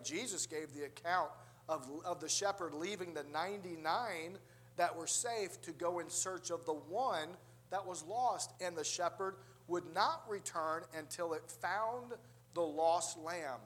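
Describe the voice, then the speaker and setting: A man's voice: high voice, fairly bright tone. A man preaching a sermon, telling a story and acting out the voices of the people in it.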